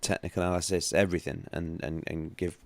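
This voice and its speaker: A man's voice: deep voice, level tone, fast talker. A man hosting a casual livestream about trading, rambling and chatty with many restarts. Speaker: livestream host, trading analyst.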